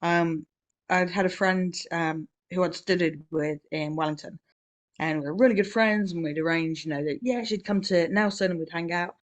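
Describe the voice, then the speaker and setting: Chatty New woman telling a story. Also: fairly low pitch. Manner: rambling, chatty storytelling with many fillers; quick laughs between remarks. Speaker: podcast co-host. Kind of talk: casual conversation.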